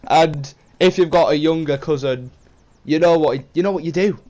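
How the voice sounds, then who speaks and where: Young man, British accent, slightly high voice, casual vlog chat, rambling, casual swearing. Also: moderate pace, darkish tone. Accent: British English. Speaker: vlogger.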